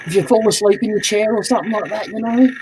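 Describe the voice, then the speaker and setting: A man's voice: sits high, fast, a crowd in the background. A man dropping in as a guest on a casual live stream, trading easygoing, teasing banter.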